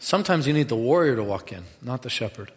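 Preacher man in a reverberant hall. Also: fast talker. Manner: animated preaching that swings from low asides to loud bursts. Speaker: pastor. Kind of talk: sermon.

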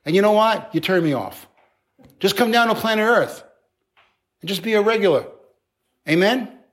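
High-voiced animated male preacher. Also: moderate pace. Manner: animated, conversational preaching with playful acted asides. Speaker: pastor. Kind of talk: sermon.

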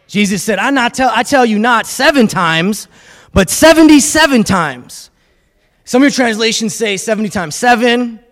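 High-voiced preaching man in a reverberant hall. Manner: animated preaching with call-and-response and repetition. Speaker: pastor. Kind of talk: sermon.

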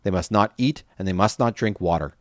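A repentant king, read by a man announcing a solemn decree. The voice is low and grave, captured close and dry. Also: brisk, dry recording, lightly acted. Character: repentant male king, commanding.

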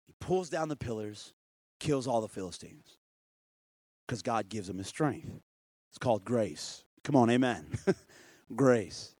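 A man preaching, retelling a Bible story as a comic story, swinging between loud outbursts and hushed asides. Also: on the high side, lively intonation, normal speed, dry recording, studio quality. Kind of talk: comedic storytelling sermon.

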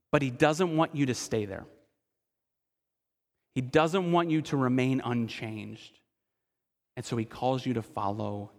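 Earnest male pastor in a reverberant hall. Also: fairly high pitch. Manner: earnest, asks the listeners direct questions; slows and drops quiet for emphasis. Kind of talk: sermon.

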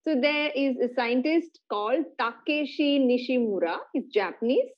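High-voiced woman podcast host. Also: expressive, moderate pace, dull audio. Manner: explains patiently, laughs often. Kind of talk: casual science chat with a child.

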